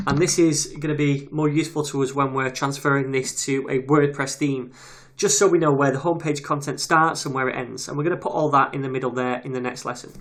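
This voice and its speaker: A man teaching a web development tutorial in a casual, chatty way, reading details aloud as he types. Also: mid-range voice. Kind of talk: screen-recorded coding tutorial. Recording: audible keyboard typing noise. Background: keyboard clicks and typing.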